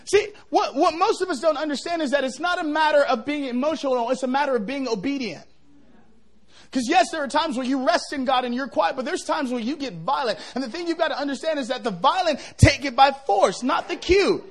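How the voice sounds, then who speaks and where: A middle-aged male pastor preaching a revival sermon, joking with the crowd and building to shouts. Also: very high voice, fairly quick.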